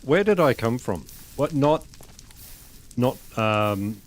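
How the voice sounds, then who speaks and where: Speaking slowly with lively intonation in a mid-range voice, a man gives casual commentary to viewers while gaming on a live stream. He jokes around with them and frequently cracks himself up.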